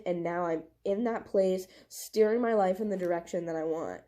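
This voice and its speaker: A young woman doing a casual tarot reading to camera, excitable and gushing, with lots of "like". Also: mid-range voice, moderate pace, few pauses. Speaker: tarot reader.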